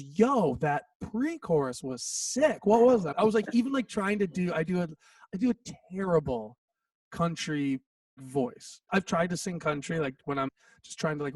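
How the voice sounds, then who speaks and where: Animated man telling a songwriting story. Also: a little high, no room sound, distant mic. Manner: animated, acts out quotes, says "like" often. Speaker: songwriter guest. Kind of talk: casual storytelling interview.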